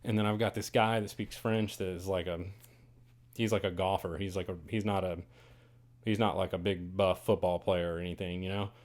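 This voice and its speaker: A man hosting a podcast, telling a story in a casual, animated and dramatic way. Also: low voice, normal speed. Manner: animated, dramatic, swings to loud bursts on quoted lines. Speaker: podcast host. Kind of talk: casual first-person storytelling.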